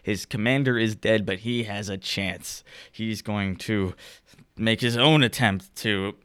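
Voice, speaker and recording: A game master narrating a tabletop session in a playful, chuckling way. His voice is mid-pitched and the sound is dry and close. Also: a bit bright, smooth, no room sound. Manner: playful, often laughing through descriptions.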